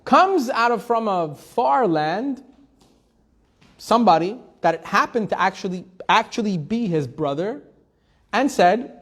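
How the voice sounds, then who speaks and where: Rabbi giving a Torah class, male, fairly high voice, chatty storyteller who poses questions and answers them. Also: animated, a little slow, a bit bright. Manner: storytelling with Hebrew quotes; conversational, asks and answers own questions.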